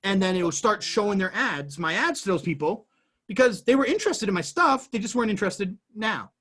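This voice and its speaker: Brief: male guest, husky tone, lively casual explainer. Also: sits high, a little fast. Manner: animated, jumps between everyday examples. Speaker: guest entrepreneur explaining business.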